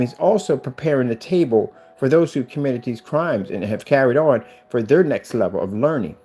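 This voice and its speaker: A man talking fast and eagerly, his delivery full of energy. He jumps from a casual vlog tour of his room into fervent preaching at his viewers, in a plain mid-pitched voice. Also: slight background noise. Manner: fast, excited, with religious exhortation. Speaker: vlogger showing his studio build.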